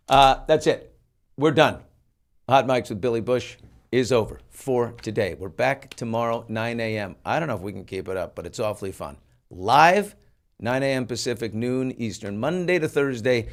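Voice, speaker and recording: An older man hosting a talk show, telling a story in an animated, self-mocking way and acting out quotes. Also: mid-range voice. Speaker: host.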